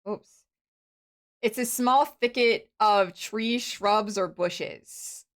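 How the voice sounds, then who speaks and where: A woman chatting her way through a game on a live stream, her voice sitting at an ordinary middle pitch. She rambles and restarts her sentences, trails off into muttered asides, then jumps up into excited exclamations. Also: drawn-out words. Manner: rambling, with many fillers and restarts. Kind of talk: casual live-stream chatter while playing.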